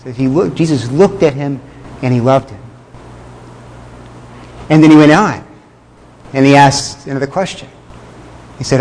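A man preaching a sermon in a conversational way, with fillers, chuckles and slowed words for emphasis. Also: mid-range voice, a little mellow, big-room sound. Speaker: pastor.

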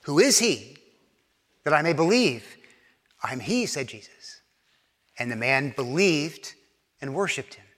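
A male pastor delivers an earnest sermon in a high, bright voice. He presses hard on his points, then sinks to a hushed, soft delivery. His voice rings out with the long reverb of a large church hall. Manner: earnest preaching, rising emphatic then dropping to hushed soft tones.

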